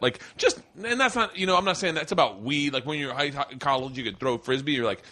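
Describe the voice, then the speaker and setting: A man hosting a comedy podcast, chatting in an animated, self-mocking way. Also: on the high side, fast talker, few pauses, no room sound. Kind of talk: casual chat.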